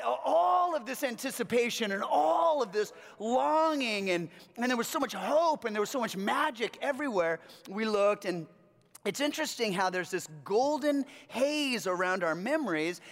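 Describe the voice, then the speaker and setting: A male pastor, out of breath and laughing, opening a sermon in a friendly, conversational way. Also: sits high. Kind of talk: sermon introduction. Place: church sanctuary. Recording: long reverb of a church hall.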